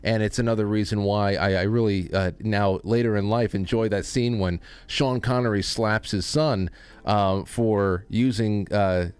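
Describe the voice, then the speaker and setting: A man hosting a call-in show, talking casually and rambling with many halting restarts. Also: on the low side, steady tone, smooth, dry recording. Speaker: host. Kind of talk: casual chat.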